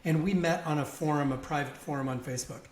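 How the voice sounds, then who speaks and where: A man with a slightly raised pitch tells a story on a podcast, casual and animated, laughing along. The room rings with echo, and a faint hiss sits under his voice. He talks the way a guest does when he has told a story before and enjoys it. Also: fast. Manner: animated anecdote-teller who laughs along.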